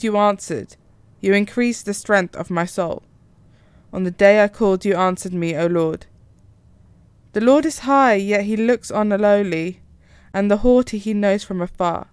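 Woman, liturgical Bible reading, very smooth resonant voice, dry close sound, measured delivery. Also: medium pitch, no echo. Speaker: scripture reader.

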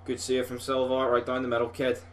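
A young Scottish man giving live, sweary gameplay commentary as a gaming video host, rowdy and excitable like a football fan. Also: medium pitch, fairly quick.

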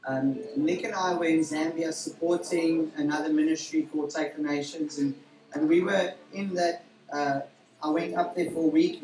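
Male pastor leading a service, rambling and full of fillers, mid-pitched voice, heard from a distance in an echoey hall. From South Africa. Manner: warm, rambling, with frequent fillers and self-corrections. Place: church hall during a service. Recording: roomy church hall from a distance, faint music.

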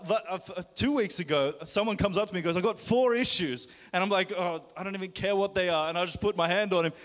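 A man speaks from the stage of a live church service, telling a story in a casual, laughing way and then switching to commanding prayer. His voice sits a little high for a man. A long hall reverb trails every phrase. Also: fast talker, hardly any pauses, fairly bright tone. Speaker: worship leader sharing a healing testimony.

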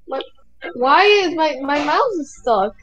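A woman's voice: sits high, expressive, slow pace, fairly bright tone, poor audio. A woman chatting casually while playing an online game with a friend, teasing and giggling often as she talks. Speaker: gamer co-host. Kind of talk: casual gaming chat.

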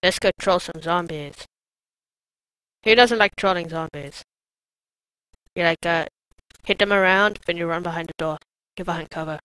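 A woman commenting on her own gameplay in a let's play, excitable and shouting taunts at enemies. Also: fairly low pitch, normal speed, long pauses, clear, resonant tone, no echo, rough recording. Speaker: gamer.

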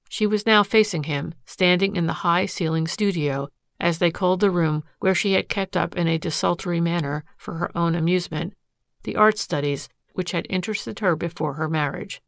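Female audiobook narrator, measured and steady, with a gravelly texture. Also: fairly low pitch, no room sound, clean studio sound. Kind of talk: scripted narration.

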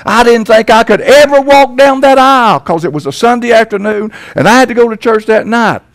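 A man's voice: extremely high pitch, fairly quick. An older man from Tennessee with a Southern American accent, preaching a sermon as pastor in a church, folksy and emphatic with sudden swells. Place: church sanctuary.

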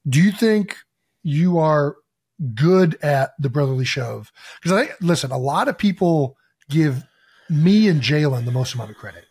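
A man's voice: on the high side, animated, moderate pace, darkish tone, breathy edge. A man hosting a podcast in casual chat, rambling with lots of filler words. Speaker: podcast host.

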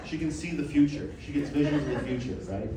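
A young man performing a stand-up set in a small club, self-mocking and bantering with the crowd. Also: a little high. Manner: playful, self-mocking, quick asides to the crowd. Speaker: stand-up comedian. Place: small comedy club with a live audience. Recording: roomy club sound, mic heard from a distance, audience noise.

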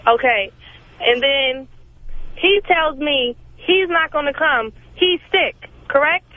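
A woman's voice: high-pitched, slow pace. A woman from Brooklyn calling a radio show, brash, agitated and streetwise. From Brooklyn, New York. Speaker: caller. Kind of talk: phone-in call. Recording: tinny phone line, dry.

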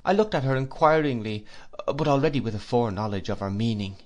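A man giving a measured, expressive first-person audiobook narration. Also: mid-range voice.

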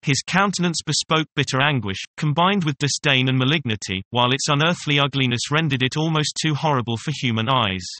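Reading a classic novel aloud, a man narrates in an even, measured way, as an audiobook narrator doing scripted first-person narration. The recording is dry and his pitch sits in the medium range.

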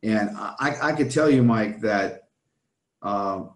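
A man's voice: lowish voice, takes it slowly, echoey room. A man earnestly telling his personal testimony as an interview guest, often turning to the host by name.

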